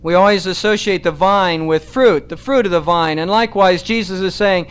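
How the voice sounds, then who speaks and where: A man preaching a sermon in a measured, emphatic way, slowing down to stress key phrases. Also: high voice, smooth.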